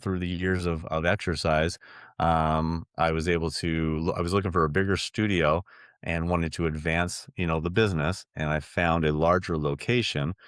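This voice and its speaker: A middle-aged man with a deep voice appears as a podcast guest, earnestly telling a personal story with many restarts and fillers. The recording is dry, with clean studio sound.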